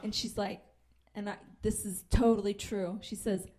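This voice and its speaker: A Pennsylvania woman in her thirties, a comedian, speaks at medium pitch and a normal pace. She tells an animated story full of swearing and acts out the voices of the people in it.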